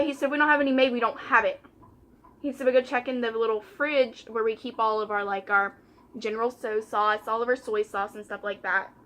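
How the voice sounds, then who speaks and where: A woman's voice: fairly high pitch, fairly bright tone. A young woman, chatting casually while doing her makeup and retelling a story by quoting customers and coworkers. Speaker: vlogger.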